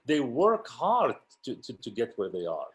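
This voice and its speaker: A man's voice: mid-range voice, huge pitch swings, unhurried. A man being interviewed as a casting director and producer, talking with passion and force, often repeating himself for emphasis. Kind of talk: interview conversation.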